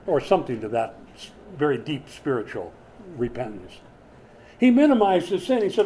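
Mellow-voiced man preaching conversationally. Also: on the high side, normal speed, a little hiss or hum. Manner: conversational and animated, with sudden dramatic swings; repeats words while building a point. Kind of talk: expository sermon.

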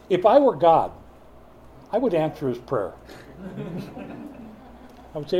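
An older man preaching a sermon, a folksy joking storyteller who builds to loud, emphatic preaching. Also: fairly high pitch, very animated, a little slow, pauses often, a little hiss or hum. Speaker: pastor.

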